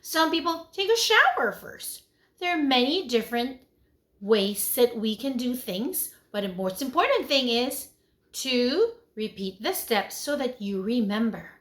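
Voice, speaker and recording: In an unhurried online class for little children, a woman who teaches preschool keeps her voice sing-song and animated. Pitch and volume rise and fall as she poses many questions to the kids.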